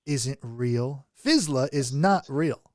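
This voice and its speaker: A man's voice: mid-range voice, animated, takes it slowly, no echo, clean studio sound. A man hosting a comedic game show over a phone call, teasing his players and laughing often.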